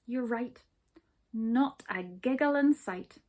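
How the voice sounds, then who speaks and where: A woman playing a brisk storybook doctor. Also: a little high, darkish tone. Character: fussy storybook doctor, a man.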